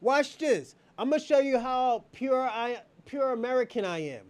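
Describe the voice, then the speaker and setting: Very high-voiced man taunting viewers. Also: animated, measured pace, a little mellow, clean tone, no room sound. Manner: taunting, mocking, breaks into laughter. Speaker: livestream host. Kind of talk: heated live commentary addressing viewers.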